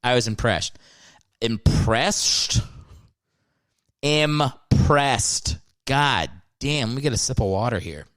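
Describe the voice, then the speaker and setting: A man's voice: mid-range voice, lively intonation, brisk, few pauses, a bit bright, no echo. A man hosting a podcast, rambling through a casual monologue and poking fun at himself. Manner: rambling, self-mocking. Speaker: podcast host.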